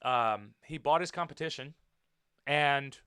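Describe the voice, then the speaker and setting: Animated, forceful man with a smooth voice. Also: mid-range voice, a little slow, no room sound, studio quality. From United States. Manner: animated and blunt, swears, repeats himself for emphasis. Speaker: podcast host and professional wrestler. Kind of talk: casual wrestling commentary podcast.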